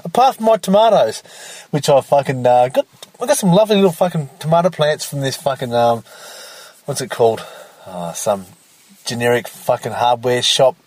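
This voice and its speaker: A man's voice: medium pitch, animated, moderate pace, a little mellow, no echo. A man hosting a solo podcast from his parked car, rambling and swearing constantly as he mocks his co-host. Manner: profane, rambling, mocking. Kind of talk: casual solo podcast monologue. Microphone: self-recorded in the car.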